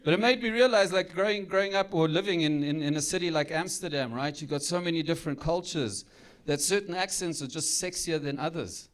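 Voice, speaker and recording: A man's voice: on the high side, brisk, few pauses. A young man with a German-South African accent doing a chatty stand-up comedy set on a club stage. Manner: chatty, tag questions. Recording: live club with audience.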